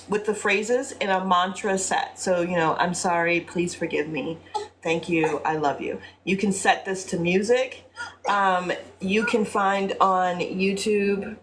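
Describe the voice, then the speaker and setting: A woman's voice: medium pitch, a little hiss or hum. Chatty woman hosting a spiritual live stream. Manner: chatty, with frequent ums and soft mantra recitation. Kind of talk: casual live-stream teaching.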